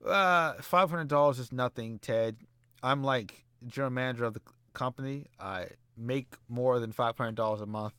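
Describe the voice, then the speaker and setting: A man's voice: medium pitch, normal speed, sharp tone, smooth, dry recording, natural voice. A man doing a brash boastful male wrestling boss. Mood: dismissive. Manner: dismissive, boastful. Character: pushy male wrestling general manager.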